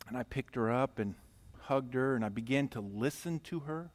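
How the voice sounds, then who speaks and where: The sermon comes from a middle-aged pastor whose voice sits at medium pitch and normal speed. Recounting a personal story, he alternates loud, emphatic passages with hushed, intimate ones.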